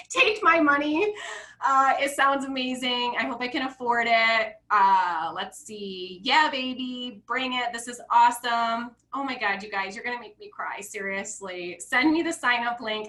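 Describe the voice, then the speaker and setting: Bright, bubbly woman hosting a live video call, fairly high voice, echoey room. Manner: bubbly, excitable, reads comments aloud. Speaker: financial coach hosting a live launch call. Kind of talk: casual live-stream talk.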